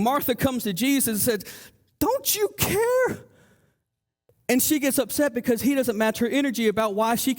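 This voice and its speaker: A male pastor's very high voice fills a church sanctuary as he preaches an animated, lively sermon. He mimics the people in his story, often stammering and beginning again.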